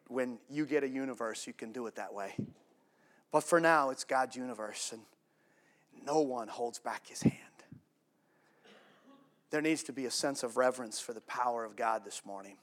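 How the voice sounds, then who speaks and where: A male pastor preaching a sermon to a congregation, swinging from loud emphatic declarations to hushed quiet lines, with casual asides to the room. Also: mid-range voice.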